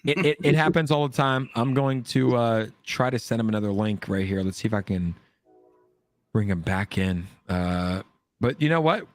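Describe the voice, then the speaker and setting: A man hosting a livestream from his home, chatting excitedly and repeating himself to rally the viewers. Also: on the low side, normal speed. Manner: hyped, repetitive, shouts out chat. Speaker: livestream host. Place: home in Orange County.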